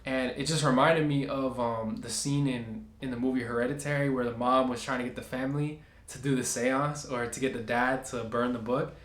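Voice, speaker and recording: Man, mid pitch, lively storyteller, casual vlog delivery, roomy echo. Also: normal speed, few pauses. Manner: animated, acts out other people's lines. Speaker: vlogger telling a story.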